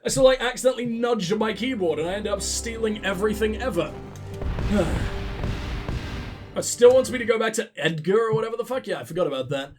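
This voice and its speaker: A man's voice: high voice, animated, fairly quick, soft background music. A man hosting a let's play, rambling and sarcastic as he comments on the game and swears freely. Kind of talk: casual gaming commentary.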